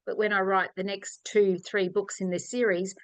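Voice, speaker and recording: A middle-aged Australian woman, an author, chatting casually on a podcast and telling lively stories with acted-out quotes. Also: mid-range voice, moderate pace, clean tone, no echo, rough recording. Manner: animated storyteller, acts out quoted voices. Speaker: author guest.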